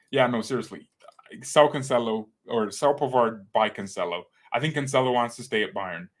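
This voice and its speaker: A man with a mid-range voice hosts a fan channel live stream at a moderate pace. His chat is casual and rambling, chatty and excitable, as he jokes around, slips into playful fake accents, and calls viewers "guys" and "bro."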